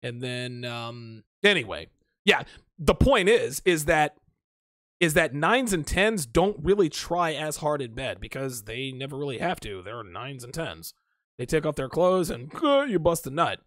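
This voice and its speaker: A man's voice: fairly high pitch, lively intonation, a little slow, fairly bright tone, dry recording, clean studio sound. A grown man hosting a casual livestream, reading chat comments aloud and answering them bluntly and profanely, often laughing. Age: adult.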